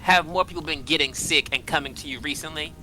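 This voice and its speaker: A man's voice: fairly high pitch, quick pace, music in the background, rough recording. A man playing a tabletop role-playing game in character, talking in a rambling, hesitant way with many fillers. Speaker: player.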